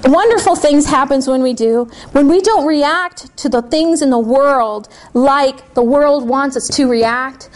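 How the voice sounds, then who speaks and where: Animated high-voiced woman preacher. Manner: animated storytelling, laughs often. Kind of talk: sermon with personal story. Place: church service with congregation.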